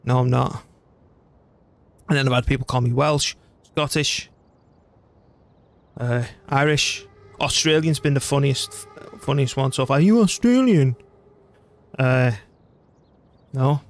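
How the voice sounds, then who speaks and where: A man's voice: medium pitch, level tone, measured pace, pauses often, fairly bright tone. A man from North West England with a northern English accent, giving chatty, slangy, swear-prone commentary while streaming a strategy game. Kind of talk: casual gameplay commentary.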